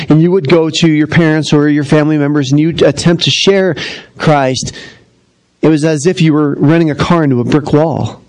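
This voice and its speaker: Man, middle-aged, pastor, sermon, conversational storytelling, slightly high pitch. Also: poor audio. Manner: conversational, animated storytelling with acted-out quotes.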